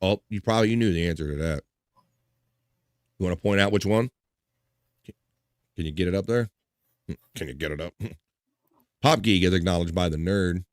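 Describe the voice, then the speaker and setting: A man's voice: deep voice, fairly quick, long pauses, no room sound, studio quality. A man hosting a live stream, reading chat messages aloud and making crude jokes in casual banter. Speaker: livestream show host.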